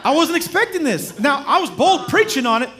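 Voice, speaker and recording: A man as guest preacher, telling stories in a sermon in a lively, humorous way and chuckling as he speaks. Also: very high-pitched, fairly quick. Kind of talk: sermon with storytelling.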